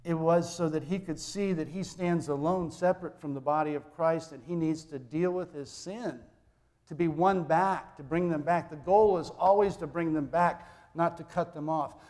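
Male pastor, fairly high voice, conversational sermon with acted dialogue, long church reverb. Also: moderate pace, a little mellow.

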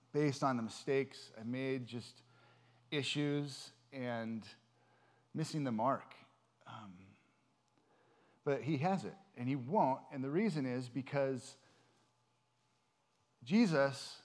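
A man giving an informal, earnest sermon in a conversational way, with frequent ums and restarts. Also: mid-range voice. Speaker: preacher.

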